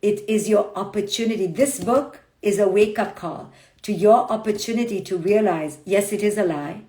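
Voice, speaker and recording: A woman psychologist giving a brisk, blunt motivational talk on a phone livestream, acting out people's inner voices as she goes. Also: medium pitch, mellow. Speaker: clinical psychologist and author. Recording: roomy echo.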